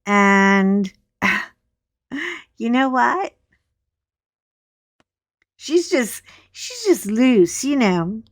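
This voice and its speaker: Middle-aged female host, casual coloring chat; unhurried delivery, blunt and gossipy, dry room. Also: a little high, very animated, no room sound. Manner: gossipy, frank storytelling.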